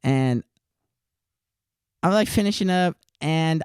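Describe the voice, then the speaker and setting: Young male podcast co-host, lively storyteller, dry studio sound. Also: high voice, a little slow, no echo. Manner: animated storyteller, says "dude" and "like" a lot. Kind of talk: casual chat, storytelling.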